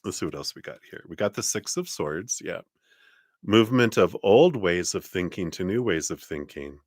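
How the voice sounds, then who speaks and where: A man's voice: sits low, expressive, moderate pace, darkish tone, no echo, clean studio sound. A man giving a live-streamed tarot reading in a chatty way, laughing often and using many fillers. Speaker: tarot reader.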